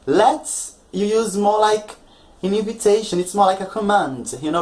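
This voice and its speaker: A man's voice: high-pitched, moderate pace, low-quality recording. Male online English tutor; patient, explanatory, checks in with viewers constantly. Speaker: English teacher.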